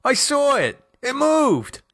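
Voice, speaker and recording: A man's voice: very high-pitched, wildly swooping pitch, slow, fairly bright tone, no echo, pitched above the performer's own voice, full character voice. A man doing a frantic, swearing husband. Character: panicky middle-aged husband, crude and excitable. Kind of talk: audio horror story reading.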